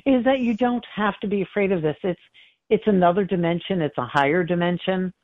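Over a dry, tinny phone-like connection with no echo, a middle-aged woman talks fairly quickly in a fairly low voice. She's a psychic medium telling stories in a conversational interview, animatedly performing the dialogue in them.

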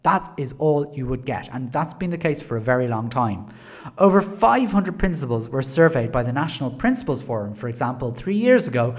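An Irish podcaster holds forth in a solo monologue about schools. The delivery is sarcastic and full of wry asides. The pitch rises and falls a lot. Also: sing-song, a little fast. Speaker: education podcaster.

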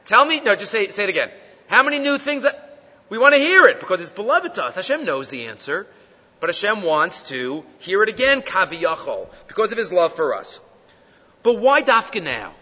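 A man teaching the weekly Torah portion, animated and full of rhetorical questions, reading Hebrew quotes and explaining them in English. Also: high voice, moderate pace. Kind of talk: Torah lecture. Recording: dull lo-fi recording in a reverberant hall.

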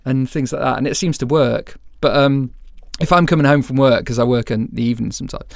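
A man's voice: medium pitch, fast talker, gravelly, few pauses, dry recording, clean studio sound. A man co-hosting a casual podcast chat as a father of two, jokey and teasing.

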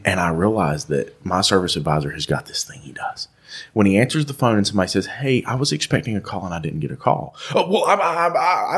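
A man's voice: sits low, slightly rough. A man with a Southern twang, co-hosting a live podcast at a trade conference, telling stories and acting out the people in them. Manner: animated storyteller acting out quoted voices. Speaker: podcast co-host and shop owner. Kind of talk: casual live podcast chat.

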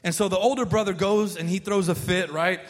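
A man's voice: high-pitched, fairly even intonation, fairly quick. A man preaching a sermon as pastor, in a loose, conversational way, often restarting and repeating words and prompting the congregation to respond. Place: church sanctuary. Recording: long hall reverb.

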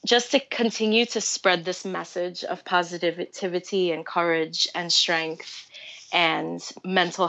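Gravelly-voiced woman, chatty guest. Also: fairly low pitch, fairly bright tone, lo-fi sound. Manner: bubbly, laughs often, chatty with fillers. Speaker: guest artist. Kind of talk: casual interview chat.

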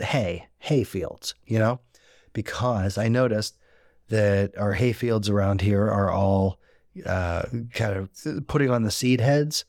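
A man's voice: lowish voice, darkish tone, no echo, clean studio sound. A man hosting a cooking podcast, chatting casually in a rambling, self-deprecating, joking way. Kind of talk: casual chat. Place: rural homestead.

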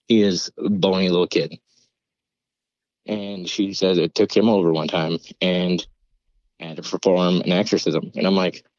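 A man's voice: sits low, a little mellow, dry recording, dull audio. A man, a podcast guest, telling a story casually with loose swearing and rambling asides. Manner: swears freely, rambling retelling.

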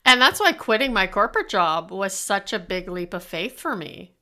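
Bright-voiced woman in casual podcast chat. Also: mid-range voice, normal speed. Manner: lively, laughs easily, personal storytelling. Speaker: podcast co-host.

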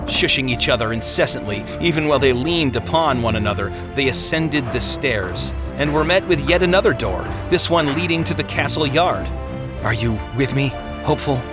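A man narrating an audiobook chapter with vivid, dramatic storytelling. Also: mid-range voice. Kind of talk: scripted narration. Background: music.

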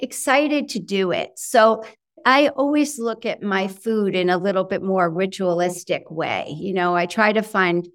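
A middle-aged woman talks as an interview guest, lively and full of fillers. She acts out little quotes of what she said to herself. Her voice sits at an ordinary middle pitch. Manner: animated, chatty, many fillers and quoted self-talk. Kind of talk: conversational interview.

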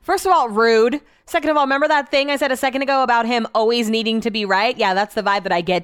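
Woman podcast host, smooth clear voice, dry close sound, rambling and exasperated. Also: on the high side, quick pace, few pauses, a bit bright, no room sound. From America. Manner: chatty, exasperated, swears freely. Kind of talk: casual solo podcast chat. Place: small room at home.

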